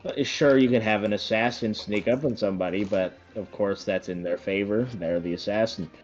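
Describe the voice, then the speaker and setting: A man giving casual play-by-play commentary on a gaming match, rambling and correcting himself, with sudden excited bursts. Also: lowish voice, fairly quick, lo-fi sound, soft background music. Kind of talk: casual esports-style commentary.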